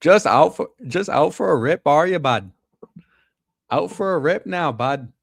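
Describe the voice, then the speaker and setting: A chummy rural Canadian man stretches every vowel in a high, friendly, folksy voice, as a man puts him on. He sounds sing-song and over-familiar. The sound is close and dry. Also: expressive, creaky, no room sound, exaggerated voice. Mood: teasing. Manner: drawn-out, folksy, calls everyone bud.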